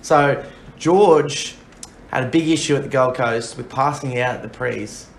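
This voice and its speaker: A young man tells a rowdy trip story in loose, laughing, swear-laden chat. His voice sits at an ordinary pitch and carries the echo of a bare room. A faint hiss runs under it. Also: a little slow, vocal fry. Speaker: podcast co-host. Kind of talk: casual banter. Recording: echoey room with faint noise.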